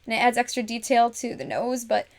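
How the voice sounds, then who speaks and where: Brisk and steady in tone, a woman whose voice runs on the high side hosts a casual craft livestream. She laughs often as she speaks to chat and talks herself through each step.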